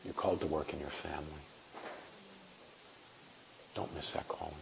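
A man's voice: very deep voice, little pitch movement, moderate pace, vocal fry. A man in his forties preaching a sermon in an earnest, conversational way with wry asides. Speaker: preacher and missionary. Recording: echoey hall, dull lo-fi sound, faint hiss.

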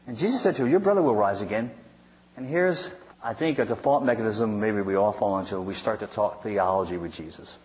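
A man's voice: lowish voice, a little fast, a little mellow. A male pastor preaching a sermon, retelling scripture in a conversational, storytelling way with wry asides. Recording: dull sound with long hall reverb.

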